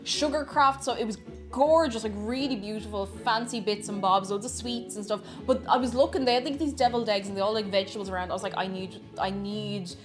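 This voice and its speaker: A woman's voice: fairly high pitch, fast talker, over music. A young Irish woman streaming from home, chatting casually and reading out viewer comments with frequent giggles and rambling asides.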